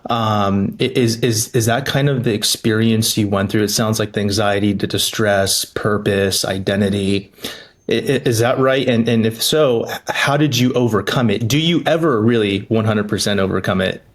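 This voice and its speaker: Brief interviewer, man, low voice, halting repeated starts. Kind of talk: interview questions.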